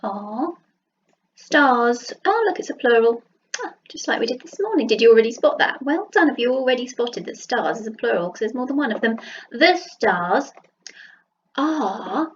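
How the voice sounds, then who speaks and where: A woman with a Southern English accent teaching a phonics lesson to young children, sounding out letters slowly and praising them. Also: a little high, big pitch swings, highs cut off, slight background noise. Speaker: primary school teacher. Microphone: computer mic while writing with a mouse.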